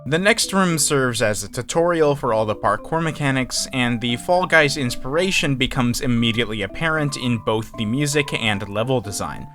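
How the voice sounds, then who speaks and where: A man's voice: medium pitch, animated, moderate pace, hardly any pauses, a bit bright, faint music behind. A man giving a candid, opinionated game review in casual commentary, often hedging his points.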